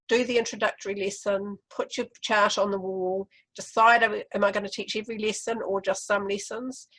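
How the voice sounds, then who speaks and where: A woman's voice: medium pitch, fairly bright tone, poor audio. A woman with a New Zealand accent presenting a literacy webinar, explaining classroom activities step by step.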